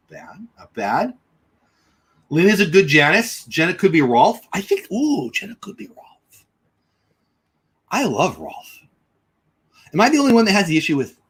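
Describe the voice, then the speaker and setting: A man with a slightly husky, breathy voice chats loosely on his livestream, thinking out loud as he answers viewers. His pitch swings widely and freely as he goes. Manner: chatty, rambling, thinks out loud. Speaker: livestream host. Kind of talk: casual livestream chat reading comments.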